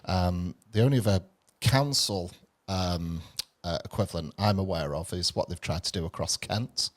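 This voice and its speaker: A man speaking casually on a webinar panel over a video call, with relaxed fillers. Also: sits low, normal speed.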